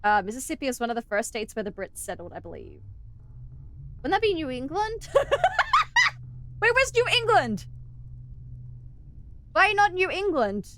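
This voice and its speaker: A woman's voice: sits high, big pitch swings, moderate pace, pauses often, very noisy. A young Australian woman streaming a game, chatting playfully with viewers, giggling and sounding out words as she rambles. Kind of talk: casual live-stream chat while gaming.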